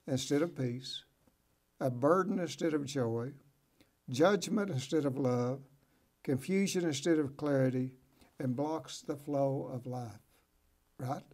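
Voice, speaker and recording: A man with a slightly high voice hosts a motivational talk show. He reads passages and then preaches on them in an encouraging, folksy way, checking in with his listeners as he goes. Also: darkish tone. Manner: preachy, encouraging, folksy asides like "right?" and "okay?". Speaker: host. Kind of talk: motivational talk show, reading from a book and commenting.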